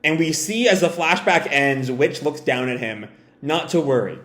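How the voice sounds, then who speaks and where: A man reading a comic chapter aloud and reacting live, halting, with frequent fillers and self-corrections. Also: fairly high pitch, expressive, a bit bright. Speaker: manga reaction video host. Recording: roomy echo.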